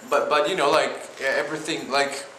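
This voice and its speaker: In a slightly high voice with fairly even intonation, a young Spanish-accented student vlogs casually. He frequently restarts his halting sentences and leans on "like," while the room echoes with a bit of background noise.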